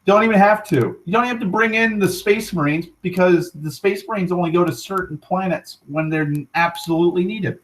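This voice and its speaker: A young man with a slightly higher-than-usual voice rambles through a casual online monologue. He swears freely, trips over his words and restarts sentences. His tangents turn excited. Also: a little fast, hardly any pauses, poor audio. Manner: rambling, profane, self-correcting, excitable. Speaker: internet talk show host.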